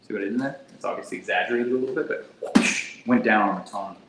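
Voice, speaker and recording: A man running a casual sales training session, energetic and quick to demonstrate phone scripts in an exaggerated tone. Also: on the low side, gravelly. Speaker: real estate sales trainer. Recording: echoey room, faint background hum.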